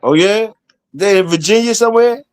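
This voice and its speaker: A man's voice: high-pitched, moderate pace, clear, resonant tone, no echo. A man hosting a casual stream, loose and cussing, a little tipsy. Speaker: stream host. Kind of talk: casual chat.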